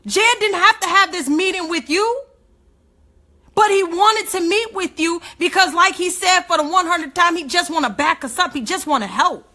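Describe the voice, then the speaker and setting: Bright-voiced woman, impassioned rant. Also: very high voice, normal speed. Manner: emotional, indignant, rhetorical questions. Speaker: activist speaking on a livestream.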